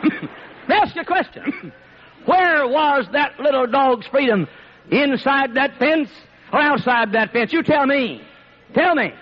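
A man preaching a sermon in an emphatic, repetitive way that rises to shouts, on a dull lo-fi recording. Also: very high voice, a little hiss or hum.

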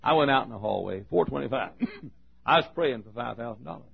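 A man preaching a sermon as a pastor, telling a story with emphatic swings between loud and hushed delivery. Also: mid-range voice, animated, fairly quick, vocal fry, slightly rough. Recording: dull lo-fi recording.

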